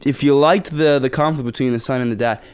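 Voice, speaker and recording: A man's voice: mid-range voice, quick pace, clean tone. A young man in his twenties from the Bronx, an actor guest chatting casually in an interview, rambling with lots of fillers and restarts. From the Bronx, New York. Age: 20s.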